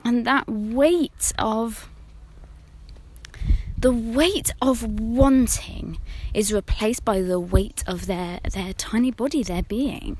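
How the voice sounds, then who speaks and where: A woman talking alone as a podcast host, earnest and intimate, often dropping to a hushed near-whisper. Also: on the high side, slow, breathy edge. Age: adult mother of older children. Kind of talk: reflective solo monologue.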